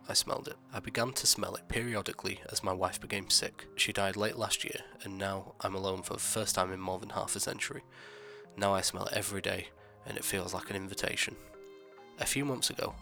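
Male horror narrator, gravelly, bright and forceful, measured and dramatic. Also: lowish voice. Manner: measured, dramatic first-person telling.

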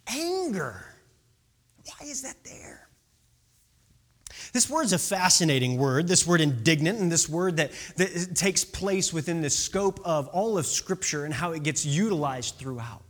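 A preacher giving a conversational sermon, asking rhetorical questions and sometimes dropping to a whisper for emphasis. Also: medium pitch.

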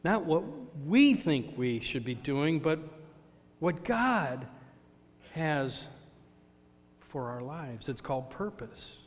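A man's voice: on the high side, very animated, slow pace, pauses often, in a large hall. A middle-aged male pastor preaching a sermon, telling personal stories in an earnest way with call-and-response asides. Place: church sanctuary.

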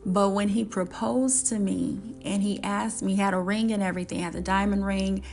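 A woman's voice: mid-range voice, fairly even intonation, moderate pace, creaky, a little mellow, faint music behind. A woman earnestly telling a personal story, repeating her phrases and acting out old conversations. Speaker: speaker sharing her life story.

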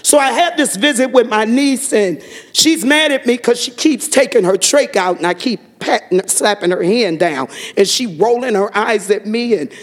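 Very high-voiced man preaching fervently. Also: animated, moderate pace. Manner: fervent storytelling with preacher-style praise shouts. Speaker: church speaker giving a testimony. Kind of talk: preaching testimony to a congregation.

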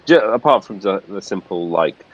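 A man narrating a tabletop horror game as game master, casual and halting with frequent restarts. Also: sits low, animated, dull audio.

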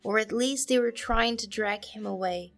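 A woman giving a dramatic reading of fan fiction, with measured, somber storytelling and emotional emphasis. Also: on the high side, fairly bright tone, soft background music. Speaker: story reader.

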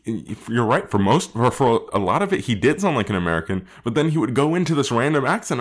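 A man reviewing a movie in casual chat, animated, laughing often and using many fillers. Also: medium pitch, fast talker, hardly any pauses.

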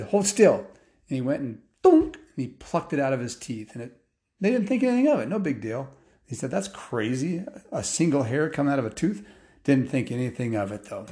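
A man's voice: medium pitch, warm tone. A man telling an improvised bedtime story, rambling with asides and fillers.

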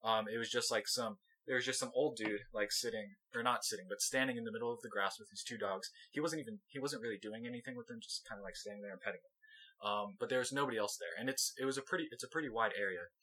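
A young man talks quickly, spilling out a story with lots of restarts and bursts of laughter. His voice is bright and forward, and he acts out the other people in the tale as he goes. It sounds like a relaxed podcast chat between friends. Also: medium pitch, poor audio. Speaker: podcast host.

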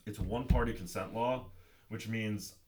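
Low-voiced young man telling prank stories. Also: steady tone, a little slow, noisy background. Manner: swearing, acts out quoted voices. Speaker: prank video maker. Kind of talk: casual storytelling.

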